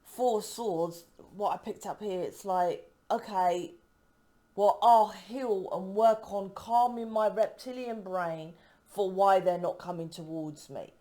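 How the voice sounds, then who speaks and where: Woman tarot reader from the UK, mid-pitched, talks in emphatic rambling runs and checks in with "right?" all the time. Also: steady tone, slow, mellow. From United Kingdom. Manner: emphatic, rambling, cuts herself off mid-word; keeps asking "right?" for agreement. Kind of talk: casual tarot reading to camera.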